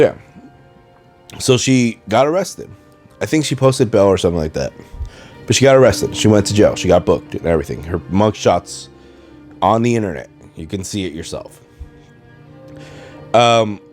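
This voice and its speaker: A man's voice: on the low side, a little mellow. A man hosting a podcast from home in casual, rambling talk, with a slight Spanish accent in his English and a habit of losing his train of thought. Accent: Spanish-influenced English, rolled R's. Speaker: podcast host. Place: at home, dishwasher running. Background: faint video game music.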